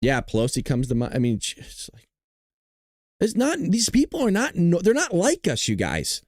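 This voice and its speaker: A man hosting a political commentary show who talks bluntly, swears, and gets animated. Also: high voice, normal speed, no room sound, studio quality. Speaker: host.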